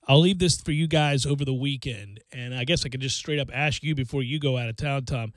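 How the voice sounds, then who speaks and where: A man hosting a sports talk radio show in a studio, talking with animated emphasis and drifting away from his microphone. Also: mid-range voice, a little fast, no echo.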